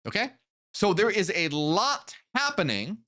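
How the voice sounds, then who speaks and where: Man channel host lecturing: unhurried, pitch swings widely, earnest, step-by-step explaining. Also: very animated, bright, forceful tone.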